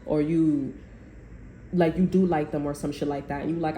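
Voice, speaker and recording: A woman reads tarot cards in a loose, rambling way, full of slang and acted-out quotes. Her voice sits low and mellow. The room around her is echoey, with a faint hiss behind. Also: steady tone, moderate pace. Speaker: tarot reader. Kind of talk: casual spoken tarot reading.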